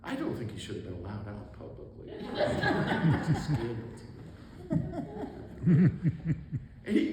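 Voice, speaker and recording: With a high voice whose pitch swoops wildly, a man in his sixties speaks at a moderate pace. He's a Catholic priest and author recounting a story to an audience, impersonating its figures and laughing a lot. The recording has heavy hall echo and faint room noise.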